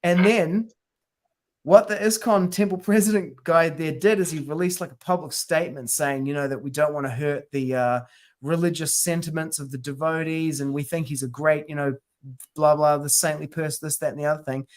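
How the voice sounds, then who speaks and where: High-voiced man telling a story casually. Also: steady tone, normal speed. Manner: chatty, storytelling with slang and mock quotes. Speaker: podcast co-host. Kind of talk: casual chat.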